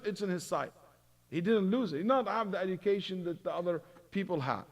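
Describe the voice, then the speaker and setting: Man lecturing in a reverberant hall. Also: high voice. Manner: tells stories acting out both sides, swings from loud to hushed. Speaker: imam giving a Quran commentary class. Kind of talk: religious lecture with storytelling.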